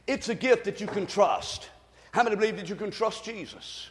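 A man preaching a sermon, leading the congregation to repeat after him and building to shouts. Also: sits high, normal speed. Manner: call-and-response preaching, rising to shouts. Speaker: pastor. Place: church sanctuary. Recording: long reverb of a church hall.

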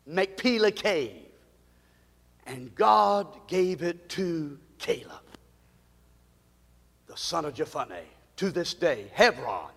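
A man preaching a fervent sermon as pastor, shouting and calling on the congregation to respond. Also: sits high. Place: church sanctuary. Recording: long hall reverb.

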